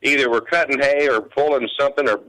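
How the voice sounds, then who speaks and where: A man's voice: medium pitch, fairly even intonation, fast, pushed and bright, poor audio. A man, a country musician and hay farmer, talking in a radio interview in an easygoing, rambling way. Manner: easygoing, rambling, many restarts.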